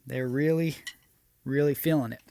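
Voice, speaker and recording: A man's voice: mid-range voice, steady tone, normal speed, creaky, mellow, dry recording. A man hosting an online drum lesson, explaining exercises step by step in an upbeat way. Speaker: drum teacher.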